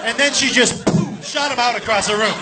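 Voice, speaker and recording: A man telling a crude, animated stand-up story on a club stage, shouting his punchlines. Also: very high-pitched, fairly quick. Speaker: stand-up comedian. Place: comedy club stage with laughing audience. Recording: live club recording with crowd noise.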